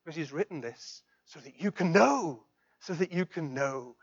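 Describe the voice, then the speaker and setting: Impassioned high-voiced male preacher. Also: lively intonation, moderate pace, breathy edge, highs cut off. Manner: impassioned, rising to loud emphatic declarations then dropping soft. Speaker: pastor. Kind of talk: sermon.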